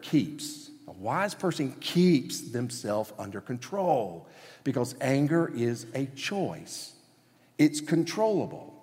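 A man's voice: on the high side, darkish tone, in a large hall. A man preaching a sermon as pastor, emphatic, acting out quotes and asking the congregation questions.

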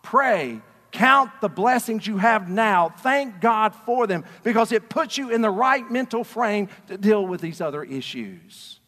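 A man preaches with fervor, dropping to a hush and then rising to a shout. His voice sits high and rings bright. A long reverb trails his words in a large church sanctuary. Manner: impassioned preaching, swings from quiet to shouting. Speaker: pastor. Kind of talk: sermon.

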